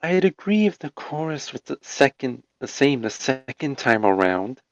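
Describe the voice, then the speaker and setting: A man voicing a stern, practical young woman musician, calm and matter-of-fact, over dull lo-fi call audio. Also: mid-range voice, normal speed, dry recording. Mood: explaining. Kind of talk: amateur voice reading over a call.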